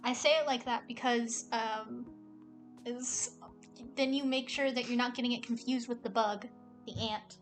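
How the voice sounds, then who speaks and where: A young woman streaming a game, reading the story aloud and chatting, sarcastic and quick to swear. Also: a little high, steady tone, soft background music.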